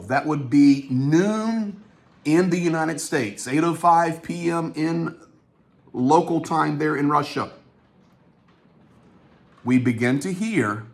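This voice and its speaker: A man hosting his own show, giving a running news commentary in an informal way, talking straight to his audience. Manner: animated, swings up in pitch for quotes. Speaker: host.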